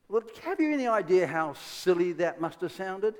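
A man with an Irish accent preaching a sermon, telling stories with lively energy, stumbling restarts and laughing asides. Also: high-pitched, moderate pace, few pauses. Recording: long hall reverb.

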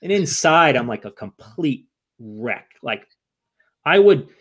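With a fairly high, bright voice and lively intonation, an American author talks at a moderate pace as an interview guest. He is candid and emotional, swearing at times and regularly restarting sentences.

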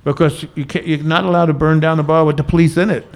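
A man's voice: fairly high pitch, steady tone, fast talker. An older man in his seventies, a veteran bartender telling stories in a Q&A, chatty and joking with frequent laughs. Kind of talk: storytelling in a Q&A.

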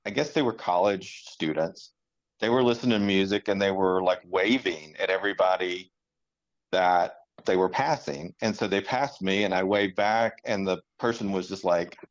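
A man's voice: on the low side, dull audio. A man in casual conversation, speaking reflectively and rambling with fillers as he talks things through. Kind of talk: casual chat.

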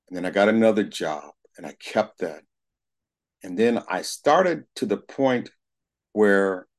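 A middle-aged man giving a candid, plain-spoken personal testimony at a recovery meeting, with casual swearing. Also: fairly low pitch. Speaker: speaker sharing his recovery story.

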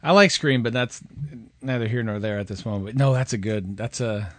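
A man's voice: fairly low pitch, a little fast, fairly bright tone, no room sound. A man co-hosting a podcast who chimes in eagerly during a casual chat about movies. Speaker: podcast co-host.

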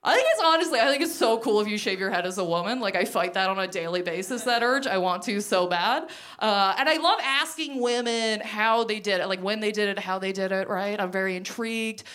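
A woman's voice: mid-range voice, brisk, hardly any pauses. A woman comedian from Ontario, Canada, performing a stand-up set and telling stories by acting out the people in them. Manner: animated storytelling, acting out quoted people.

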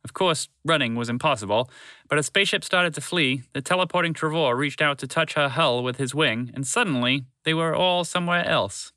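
A man narrating a children's fantasy story in an expressive read-aloud manner. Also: fairly high pitch, fairly quick, dry recording.

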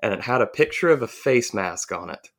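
A man's voice: fairly low pitch, expressive, a little fast, a bit bright. A man from the southern United States, co-hosting a podcast and telling a long, profane, rambling story in casual chat. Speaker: podcast co-host.

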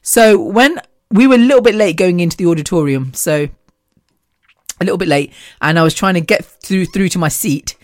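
A woman hosts a casual podcast, gushing and chatty, with lots of laughter running through her talk. Her voice sits fairly low for a woman. The sound is dry and close, with no room around it. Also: normal speed, no echo. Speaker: podcast host. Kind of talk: casual monologue.

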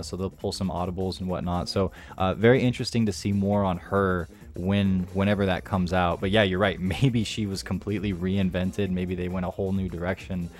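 A man co-hosting a casual chat show about video games, rambling and correcting himself, a little tired. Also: low voice. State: sleep-deprived. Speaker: podcast co-host.

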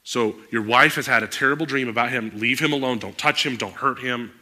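A male pastor delivering a sermon with a bright, edgy tone. He talks animatedly and climbs into loud, emphatic outbursts. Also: mid-range voice, fairly quick.

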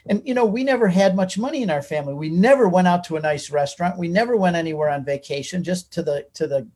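A man telling his life story as an interview guest, animated and talkative. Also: high-pitched, fast talker. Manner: animated and talkative, reciting from memory. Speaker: guest author. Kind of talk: personal storytelling in a conversation.

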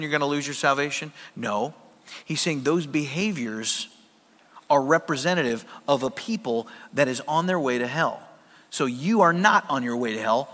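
A pastor delivering a sermon, swinging between emphatic loud peaks and quiet low stretches. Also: male voice, big-room sound. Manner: emphatic preaching, rising to loud peaks then dropping low.

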